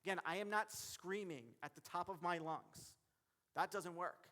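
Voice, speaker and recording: A man giving a motivational keynote as a referee, speaking directly to the audience in a lively way. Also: high-pitched, normal speed. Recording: long hall reverb.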